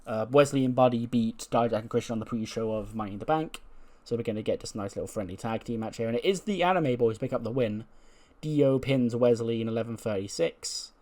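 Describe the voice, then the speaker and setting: A man's voice: medium pitch, darkish tone. A man casually commenting on a wrestling management game, acting out the dialogue between characters and laughing often. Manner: acts out dialogue in put-on voices, laughs often. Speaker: gameplay commentator.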